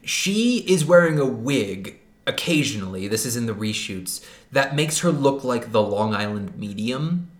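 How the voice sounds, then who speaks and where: A man's voice: mid-range voice, animated, a little slow, echoey room, a little hiss or hum. A man co-hosting a casual movie review chat, sarcastic, laughing as he acts out scenes. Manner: sarcastic, laughs while acting out film scenes. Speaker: podcast co-host.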